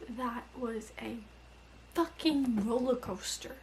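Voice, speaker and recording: A young woman vlogging about a book series in a casual, animated way, swearing often and saying "like" constantly. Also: a little high. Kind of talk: casual reading vlog. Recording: faint background noise.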